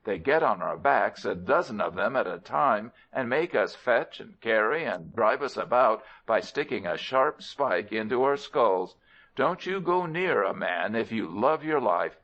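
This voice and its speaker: A man voicing an excitable male elephant who shrieks and trumpets as he talks. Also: fairly low pitch, unhurried, exaggerated voice. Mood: excited. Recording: dull lo-fi recording.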